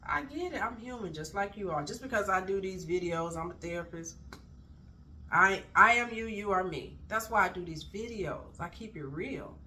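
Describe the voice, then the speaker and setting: A middle-aged woman talks straight to camera in a casual motivational video, emphatic and preachy as she fusses at her audience. Her voice is bright and forward, and faint background noise sits under it. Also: medium pitch, expressive, normal speed. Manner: fussing, emphatic, preachy encouragement.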